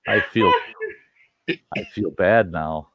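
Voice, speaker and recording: Joking man in his sixties, low voice. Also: takes it slowly, no echo. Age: 60s. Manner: joking, rambling, repeats words. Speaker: host. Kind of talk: casual live-stream chat. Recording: dull, dry lo-fi sound.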